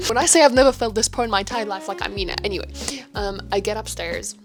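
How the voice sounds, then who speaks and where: A woman's voice: mid-range voice, fast, faint music behind. A young woman telling a casual vlog story, chatty and self-mocking, swearing freely. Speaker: vlogger. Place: hotel room.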